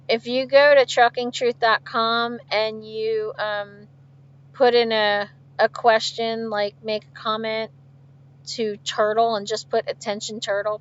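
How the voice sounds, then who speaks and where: A woman's voice: on the high side, smooth. A woman truck driver from outside chatting casually on a livestream, answering viewers' questions with frequent laughs. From outside Philadelphia. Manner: chatty, laughs often, reads viewer comments aloud. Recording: dull lo-fi stream audio.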